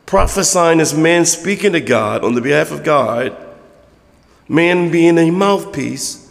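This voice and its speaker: A pastor preaches in an easy, conversational way, slipping into quick voices of church folk. His voice is a touch high and gravelly with fry. The sound carries the long reverb of a church hall. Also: lively intonation. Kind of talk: sermon.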